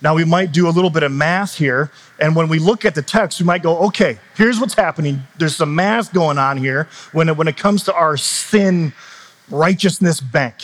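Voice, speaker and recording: A man's voice: fairly high pitch, moderate pace, fairly bright tone. A man in his thirties preaching in a church, telling stories in a loose, conversational way with laughs and asides. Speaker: pastor. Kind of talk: sermon.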